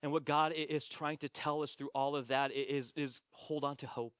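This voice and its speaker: Man, pastor, sermon, earnest, repeats himself, slightly higher voice, dry close sound. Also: fairly even intonation, fairly bright tone, clean tone, dry recording. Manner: earnest, repeats phrases, slows for quoted scripture. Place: church sanctuary.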